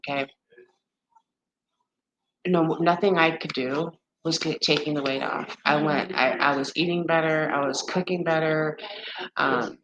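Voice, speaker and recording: A woman's voice: low voice, fairly bright tone, poor audio. A woman in her forties hosting a live stream, talking candidly and ramblingly with viewers and swearing freely. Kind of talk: casual chat with viewers.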